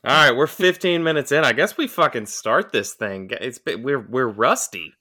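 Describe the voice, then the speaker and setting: A man's voice: medium pitch, expressive, normal speed, bright, forceful tone. A man co-hosting a casual podcast, making wry, profane asides. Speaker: podcast co-host.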